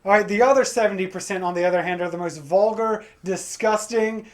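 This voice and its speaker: A man doing a stand-up comedy set, crude and energetic, breaking into acted-out voices for his punchlines. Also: high-pitched, fairly quick. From Pacific Northwest of the USA. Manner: crude, energetic joke delivery with acted-out quotes.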